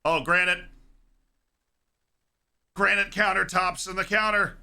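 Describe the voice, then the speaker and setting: A young man streaming a live football watchalong, chatting casually and reacting excitedly to the play. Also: high voice, takes it slowly, vocal fry, clean tone. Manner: chatty, excitable, yells at big plays.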